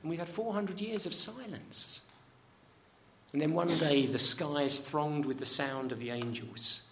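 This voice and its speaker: Delivering a church sermon at a slightly slow pace, this preacher lifts his voice on pleading questions and lets it fall soft and low on promises. There's a faint hiss or hum in the recording.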